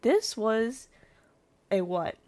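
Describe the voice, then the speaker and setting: Animated young woman telling a story. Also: on the high side, extremely slow, dry recording. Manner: animated, swears freely, acts out quotes. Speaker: storytime vlogger. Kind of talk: casual storytelling.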